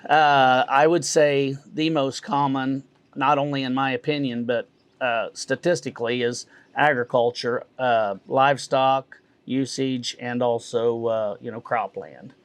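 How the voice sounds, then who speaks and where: A middle-aged man, a realtor and auctioneer answering interview questions in a measured, folksy way with many fillers. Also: mid-range voice, fairly even intonation, clean tone, no echo.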